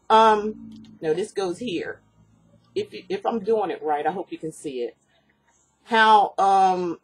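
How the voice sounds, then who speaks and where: Husky-voiced woman giving a rambling tarot reading. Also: fairly low pitch. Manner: rambling, earnest, repeats herself, lots of fillers. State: sniffly from allergies. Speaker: tarot reader. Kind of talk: personal tarot reading to camera.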